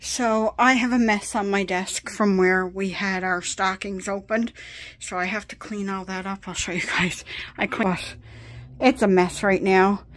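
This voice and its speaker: A woman's voice: medium pitch, steady tone, measured pace, a bit bright. Tired, rambling woman vlogger. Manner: rambling, chatty, sidetracked. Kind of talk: casual chat. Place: at her desk at home.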